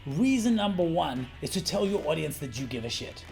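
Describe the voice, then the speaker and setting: A middle-aged man coaching on presentations in a brash, animated vlog style, swearing freely for emphasis. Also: on the high side, brisk, vocal fry. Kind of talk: energetic talking-head vlog. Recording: faint guitar music underneath.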